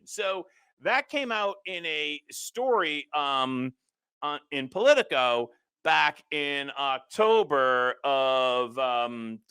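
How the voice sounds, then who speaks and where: A man's voice: on the high side, sharp tone, clean tone, no echo. A man hosting a show, talking through a political commentary monologue, reading quotes aloud and adding mocking, sarcastic asides. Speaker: host.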